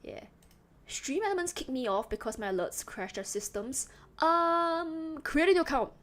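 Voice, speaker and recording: A woman's voice: high-pitched, lively intonation, moderate pace, fairly bright tone, slight background noise. A young woman from Singapore with a mixed, slightly British-sounding accent, chatting casually with her live chat as a streamer. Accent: mixed Singaporean, a little British. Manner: chatty, rambling, self-described yapper.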